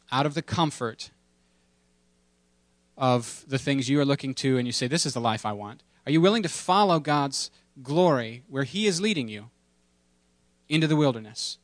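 A man's voice: medium pitch, no room sound. A man preaching a sermon in a conversational, humorous way, with playful asides and emphatic repetition. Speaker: pastor.

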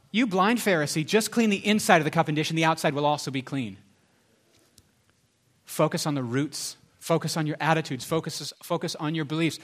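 A man delivers a lively sermon in a slightly high voice. He punches key phrases loudly, then drops into hushed, confiding tones. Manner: animated preacher, swings from loud emphasis to soft confessional tones. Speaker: pastor.

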